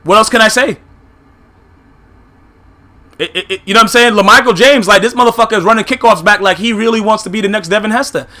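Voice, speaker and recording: A man's voice: high-pitched, fast talker, long pauses, pushed and bright. A man giving a heated, profane recap of football games, blunt and full of filler phrases. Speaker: YouTube sports commentator.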